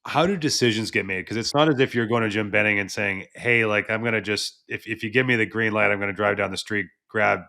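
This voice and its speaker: A man's voice: lowish voice, fast, gravelly, hardly any pauses, pushed and bright. A man hosting a podcast, asking chatty questions with lots of repeated fillers, a bit off-mic. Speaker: podcast host. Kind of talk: casual podcast interview.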